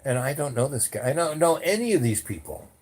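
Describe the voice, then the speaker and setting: A man's voice: a little fast, breathy edge. A man telling a personal story in a casual, rambling way, full of "you know" and "like" fillers. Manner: lively shifts in pitch and loudness while telling. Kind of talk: casual spoken anecdote.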